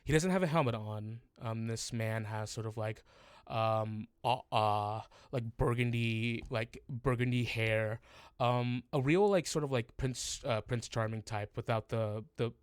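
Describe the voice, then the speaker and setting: A man running a tabletop game, describing scenes slowly with many pauses and fillers. His voice is smooth and clear. The sound is dry and close. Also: mid-range voice, no room sound. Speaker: game master.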